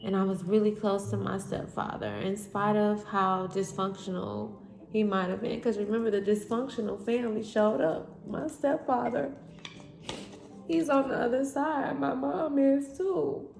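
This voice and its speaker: A woman's voice: mid-range voice, steady tone, normal speed, vocal fry, a little mellow, reverberant, faint music behind. A woman giving a spiritual tarot reading, emotional and candid, talking straight to her viewers. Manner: candid, addresses viewers as y'all. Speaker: tarot reader.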